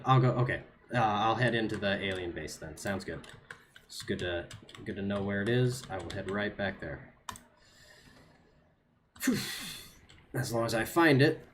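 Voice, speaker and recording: A man's voice: fairly low pitch, expressive, a little slow, pauses often, fairly bright tone, slight background noise. Jittery man narrating his gameplay. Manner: nervous self-talk, repeats phrases under pressure. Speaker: game streamer. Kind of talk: live gameplay commentary to chat.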